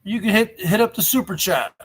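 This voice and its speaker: A man hosting a live stream, ranting and badgering his viewers with repeated questions and bursts of shouting. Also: high-pitched, brisk, slightly rough. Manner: shouts to whip up the audience.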